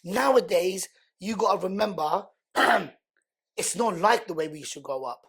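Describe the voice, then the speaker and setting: A man, a podcast guest telling personal stories in an animated way and acting out what other people said. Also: high voice, normal speed, creaky, slightly rough. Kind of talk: emotional storytelling in conversation.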